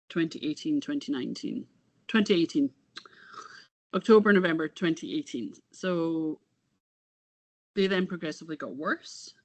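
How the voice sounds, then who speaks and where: Halting reflective woman. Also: low-pitched, no room sound. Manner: halting and reflective, trails off often. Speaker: interview guest, bereaved mother. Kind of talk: casual conversation.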